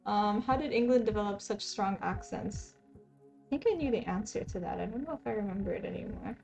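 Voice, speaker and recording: Mellow-voiced young woman streamer. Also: mid-range voice, brisk, vocal fry, faint music behind. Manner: rambling, chatty, laughs often. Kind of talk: casual live-stream chat while playing.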